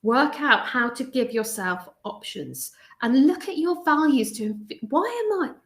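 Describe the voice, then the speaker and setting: A woman's voice: high-pitched, sing-song, unhurried. A woman, a stress coach giving a live video talk to an online group from her home, chatty and prone to digressing and interrupting herself. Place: home room indoors, windows rattling in a storm. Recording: echoey room.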